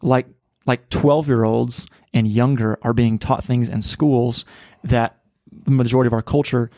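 A man's voice: mid-range voice, steady tone, measured pace, dark tone, no room sound, studio quality. A man who is a pastor co-hosting a podcast, talking earnestly and conversationally with many fillers. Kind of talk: casual podcast discussion.

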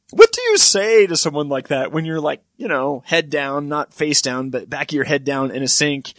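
A middle-aged man telling funny personal stories, with wry asides and sudden high-pitched emphasis. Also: big pitch swings, moderate pace, a bit bright, no room sound, studio quality. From Wyoming. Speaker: storyteller. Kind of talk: comic personal storytelling.

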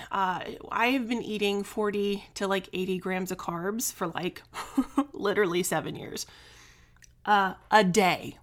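A woman's voice: mid-range voice, normal speed, a bit bright. A woman in her forties hosting a casual solo podcast, talking candidly and chattily, venting her frustration and swearing freely. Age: 40s. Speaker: podcast host.

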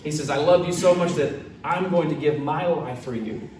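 Man, pastor, sermon, a bit high-pitched, distant mic, faint room ambience. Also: normal speed, reverberant, slight background noise. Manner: animated, acts out quotes in character voices. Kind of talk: sermon retelling a Bible story.

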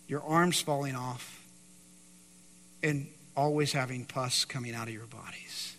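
A man preaching a sermon in a church, swinging between loud emphatic stretches and hushed quiet passages. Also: mid-range voice, steady tone, a little slow, long pauses. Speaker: pastor. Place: church sanctuary. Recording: reverberant hall.

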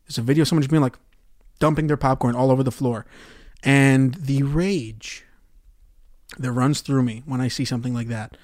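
A man's voice: mid-range voice, moderate pace, no room sound. Young guy ranting on his podcast, swears a lot, sarcastic, dry mic no room sound. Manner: profane, ranting, sarcastic, swings loud then mutters. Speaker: podcast host. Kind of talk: solo podcast rant.

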